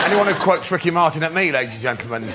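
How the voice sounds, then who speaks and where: A man who was once a teacher, telling a comic story on a TV panel show and acting out shouted mock outrage. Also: fairly high pitch, expressive, quick pace. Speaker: comedy panelist, former teacher. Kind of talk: stand-up anecdote on a TV panel show. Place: TV studio with live audience. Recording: loud studio audience laughter, noisy.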